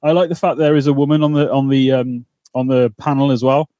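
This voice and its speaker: A man co-hosting a podcast, chatting casually and excitably, swearing and laughing as he goes. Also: mid-range voice, fairly quick, no room sound. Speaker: podcast co-host. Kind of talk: casual recap chat.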